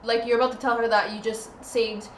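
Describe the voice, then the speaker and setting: A woman's voice: on the high side, level tone, a little fast. A young woman chatting casually with a friend on a vlog, giggling often. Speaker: vlogger. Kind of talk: casual chat. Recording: echoey room, faint noise.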